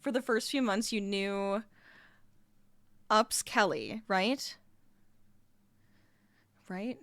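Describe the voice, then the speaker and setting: A woman's voice: mid-range voice, very slow, fairly bright tone, no echo. A young adult woman streamer chatting casually and laughing often while she crochets at her desk at home. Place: home room.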